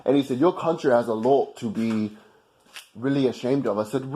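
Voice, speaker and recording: A vlogger from the United States tells a story to the camera in a heated, profane rant. His mid-range voice is dark in tone and fairly quick.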